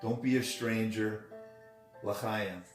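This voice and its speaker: A man's voice: lowish voice, fairly even intonation, takes it slowly. A man leaving a playful birthday video message for an old family friend, chatty and teasing. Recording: roomy recording from a distance with music.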